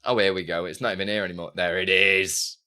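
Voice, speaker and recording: A man's voice: low-pitched, steady tone, fast, sharp tone. A man live-streaming in casual chat, talking through what he does on screen and muttering to himself. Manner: chatty, self-narrating, muttering to himself, bursts of laughter.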